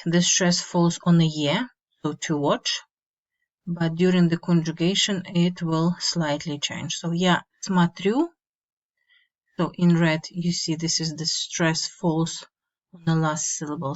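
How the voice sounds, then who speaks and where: Slow, lowish woman teaching grammar. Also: steady tone. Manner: repeats each word twice and translates. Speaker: language teacher. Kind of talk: slow explanatory grammar lesson. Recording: dull lo-fi mic.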